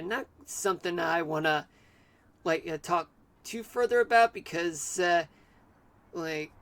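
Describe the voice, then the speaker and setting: A man streaming live, giving an amateur weather forecast in a halting way with many fillers and restarts. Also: high-pitched, a bit bright.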